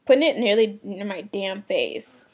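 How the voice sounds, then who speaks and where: A young woman who works in a shoe department vents to camera bluntly and with exasperation, swearing casually. Her mid-range voice is animated, a little slow and has a breathy edge.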